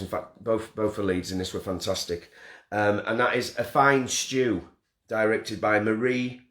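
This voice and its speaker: A man's voice: medium pitch, a bit bright. Man, self-deprecating live-stream host, joking and rambling, recorded at home with roomy echo. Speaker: festival host announcing winners. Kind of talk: casual live-stream hosting. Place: front room at home. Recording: roomy front-room echo.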